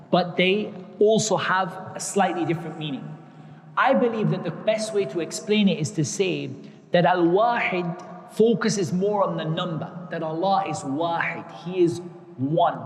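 A man's voice: high-pitched, in a large hall. A man giving an explanatory religious lesson, patiently repeating key terms and working Arabic terms into his English. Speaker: religious teacher.

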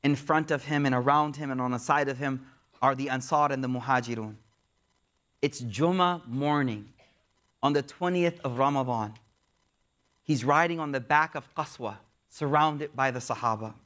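A man preaching a storytelling sermon, lively and casual, acting out the people in the story. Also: medium pitch, moderate pace. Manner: lively, acts out the quoted figures, uses casual slang.

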